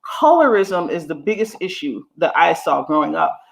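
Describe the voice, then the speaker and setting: A woman's voice: deep voice, very animated, moderate pace, gravelly. A woman from Jamaica hosts a casual livestream. She talks frankly and animatedly to her chat, swears freely and breaks into laughter. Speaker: livestream host.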